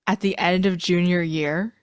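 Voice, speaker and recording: A woman tabletop player speaking bluntly and deadpan. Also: fairly low pitch, normal speed, clean tone, no echo, clean studio sound.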